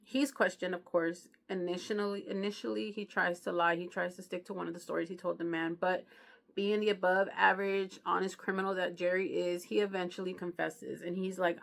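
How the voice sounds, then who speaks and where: A woman with a low, gravelly voice retells a true crime book in relaxed, slangy chat. She keeps checking in with the listener and talks as if to a friend. Her delivery is loose and conversational. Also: a little fast. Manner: slangy, chatty, keeps asking "you know what I mean". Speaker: book reviewer. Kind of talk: casual true crime storytelling.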